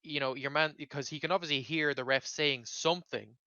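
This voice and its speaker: A man's voice: on the high side, brisk, bright, forceful tone, clear, resonant tone, no echo, dull audio. A man hosting a casual podcast chat, rambling with lots of fillers and swearing freely. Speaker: podcast host.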